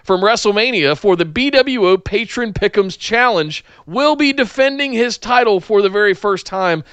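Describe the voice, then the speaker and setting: Bright-voiced upbeat male podcast host. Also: high-pitched, animated, moderate pace, clean tone, no room sound, dull audio. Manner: upbeat promotional plugs with frequent "uh". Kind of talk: casual podcast chat.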